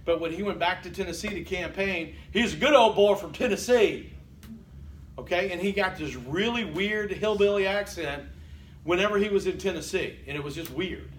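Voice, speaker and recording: A man's voice: high-pitched, fairly quick, fairly bright tone. An older man lecturing a college class in a conversational way, often checking in with "Okay?" and quizzing the students. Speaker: college instructor. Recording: echoey classroom from far off, faint hiss.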